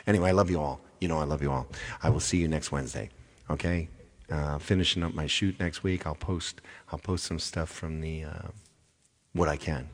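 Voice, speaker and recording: Male livestream host, deep and husky voice, chatty and repetitive, echoey room sound. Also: fairly even intonation, brisk. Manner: chatty, rambling, repeats himself. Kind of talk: casual chat with viewers.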